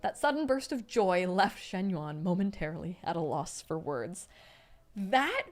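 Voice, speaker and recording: A young woman streaming as she reads a novel aloud, gushing and squealing with excitement at the cute parts. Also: lowish voice, measured pace. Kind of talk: live-stream read-along with reactions.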